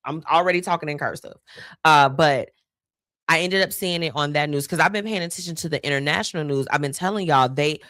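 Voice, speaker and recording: A woman's voice: low-pitched, brisk, a bit bright, dry recording, studio quality. A woman hosting a live stream, talking casually and animatedly to viewers, laughing often. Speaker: host.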